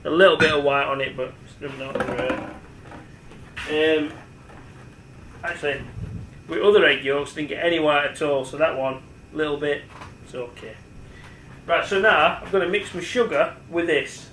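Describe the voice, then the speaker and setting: Brief: man, forties, slightly high voice, rambling home cooking demo, echoey kitchen with a faint hum. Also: moderate pace, long pauses, fairly bright tone. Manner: rambling, chatty, talks to the camera as he works. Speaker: home cook. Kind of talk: casual cooking demonstration.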